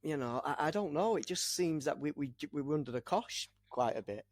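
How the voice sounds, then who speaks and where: Male co-host, slightly high voice, playful and quick to laugh. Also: expressive, no room sound. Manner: jokey, laughs often. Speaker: podcast co-host. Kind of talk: casual chat.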